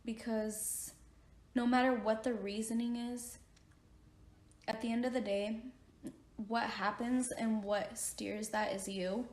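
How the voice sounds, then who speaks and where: Slow and level with long pauses, a young woman's somewhat high, slightly mellow voice drifts through a casual motivational talk as she eats for her mukbang vlog. She rambles earnestly, leaning heavily on "like", and the distant mic catches plenty of room echo.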